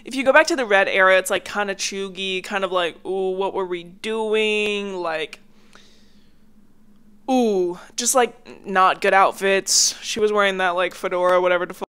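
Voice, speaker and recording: A woman's voice: medium pitch, normal speed, a bit bright, clean tone. A young woman hosting a casual solo podcast, chatty and rambling with lots of filler words, a little congested. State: a bit congested. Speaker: podcast host. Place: home, near a hallway.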